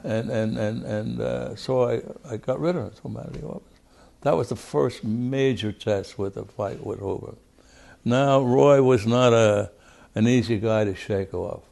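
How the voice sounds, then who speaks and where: A man's voice: medium pitch, measured pace, vocal fry, warm tone. An older man, a former congressman bluntly recounting past events in an interview, profane and repeating words as he goes.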